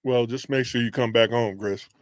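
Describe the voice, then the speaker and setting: A man's voice: medium pitch, steady tone, moderate pace. A man co-hosting a casual talk show, giving short laid-back replies. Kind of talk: casual chat.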